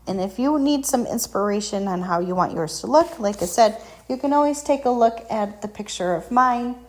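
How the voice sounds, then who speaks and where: A woman hosting a painting and crafting tutorial, talking casually and self-deprecatingly with frequent ums. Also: mid-range voice. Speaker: craft shop tutorial host.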